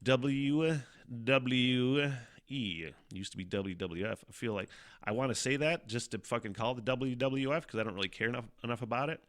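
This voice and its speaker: A man's voice: mid-range voice, normal speed. A man hosting a casual solo podcast, rambling and swearing a lot, often laughing and sighing in exasperation. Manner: sighs and mutters in exasperation. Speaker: podcast host.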